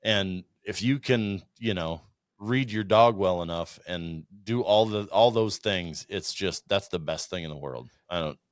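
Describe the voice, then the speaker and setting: Low-voiced man telling a hunting story. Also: a little slow, no echo, studio quality. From Iowa. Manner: animated storyteller, swears freely, acts out quotes. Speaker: podcast guest, upland bird hunter. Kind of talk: casual storytelling chat.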